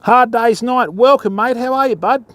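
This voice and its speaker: A man's voice: very high-pitched, normal speed. An Australian man hosting a live fishing stream outdoors, chatting as he rigs his line and greets viewers in chat by name. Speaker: fishing livestream host. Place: outdoors on a beach.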